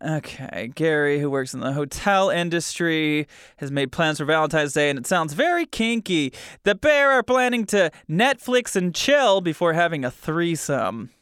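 Male podcast host, bright-ish voice with lots of lift and fall, smooth and crisp, dry sound, amused and chatty. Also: fairly high pitch, lively intonation, normal speed, no echo. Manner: chatty, amused, trails off into asides. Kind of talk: casual chat, reading the news aloud.

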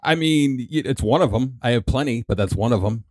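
An actor playing Moses as a bumbling, boastful old prophet in improvised podcast comedy, talking in a deadpan, rambling way. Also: male voice, mid-range voice, a little fast, no echo, lightly acted. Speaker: co-host.

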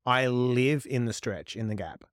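A middle-aged man, a podcast guest, telling stories in an animated, profane way and acting out quoted lines. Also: medium pitch, unhurried, no room sound, clean studio sound. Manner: profane, emphatic, acts out quotes. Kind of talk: animated storytelling.

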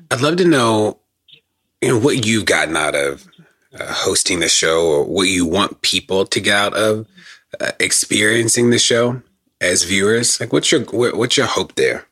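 A male interviewer who asks loose, halting questions with fillers. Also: lowish voice, sharp tone, husky, dry recording. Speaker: radio interviewer.

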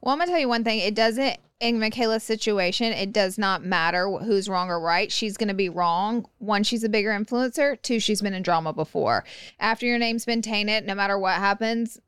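Smooth-voiced woman co-hosting chat. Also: mid-range voice, brisk, a bit bright, no echo, clean studio sound. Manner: chiming in with short agreements. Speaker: podcast co-host. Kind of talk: casual gossip chat.

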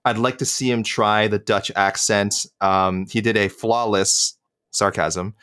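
Man, lowish voice, podcast co-host, halting casual chat. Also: fairly even intonation, sharp tone, smooth. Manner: halting, many fillers and restarts.

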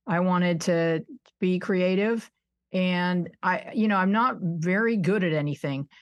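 Chatty low-voiced woman in her sixties. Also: measured pace, lo-fi sound. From United States (suburban Buffalo, New York). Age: 60s. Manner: chatty, self-deprecating, laughs often, many "you know"s. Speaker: podcast guest. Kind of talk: casual interview chat.

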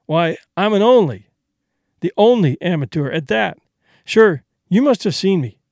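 A man's voice: high voice, lively intonation, measured pace, vocal fry, darkish tone, no echo, studio quality, full character voice. A man voicing a brash young male vaudeville tramp comic who talks in boastful, breezy slang.

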